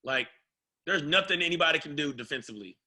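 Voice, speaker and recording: A man, a former basketball player, telling a story in a casual interview, animated and playful. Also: on the high side, quick pace, husky. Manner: animated, playful, acts out what others said.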